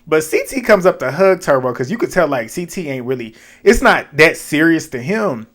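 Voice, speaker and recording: Higher-voiced man doing a slangy recap. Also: big pitch swings, moderate pace, fairly bright tone. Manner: slangy, amused retelling with frequent laughter. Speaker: reality TV recap reviewer. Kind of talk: casual recap and reaction.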